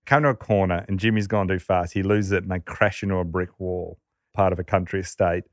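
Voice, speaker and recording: A man's voice: deep voice, steady tone, brisk, dry recording, studio quality. An Australian man telling a rowdy anecdote in casual chat, laughing often and acting out the voices of the people in it. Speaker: podcast storyteller.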